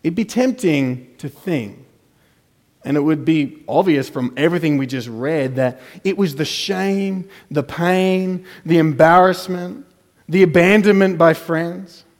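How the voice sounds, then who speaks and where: Preaching man in an echoing hall. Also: a little slow. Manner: dramatic swings between soft, low asides and raised emphatic lines. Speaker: pastor. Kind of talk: sermon. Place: church hall. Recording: church hall with long reverb.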